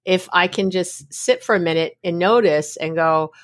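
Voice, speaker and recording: Animated woman telling everyday stories. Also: lowish voice, normal speed. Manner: animated storytelling with laughs and acted-out quotes. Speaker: guest expert on mindfulness. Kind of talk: casual conversational explanation.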